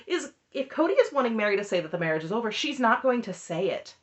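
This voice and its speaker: A woman's voice: a little high, sing-song, fast, few pauses. A woman giving an opinionated, sarcastic recap of a reality TV show, laughing often as she talks. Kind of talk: opinionated reaction commentary.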